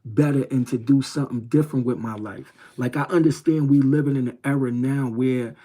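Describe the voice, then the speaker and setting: A man's voice: medium pitch, steady tone, a little fast, dark tone. A middle-aged man from New York City telling a personal story on a livestream, in a rambling, streetwise way that repeats its phrases. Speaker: livestream host. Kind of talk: casual storytelling.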